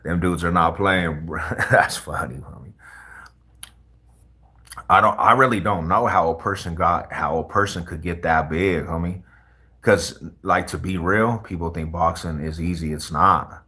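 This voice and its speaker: A man's voice: deep voice, bright, forceful tone, husky. A young man from Colorado chatting casually with viewers on a livestream, laid-back and full of street slang. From Colorado, USA.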